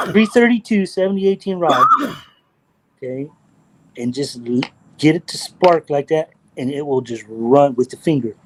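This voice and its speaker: A middle-aged man from Texas talks in a blunt, rambling, profane way. His voice sits a little high for a man. He chats casually as the host of a livestream. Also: huge pitch swings, measured pace, long pauses, very noisy. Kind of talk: casual chat.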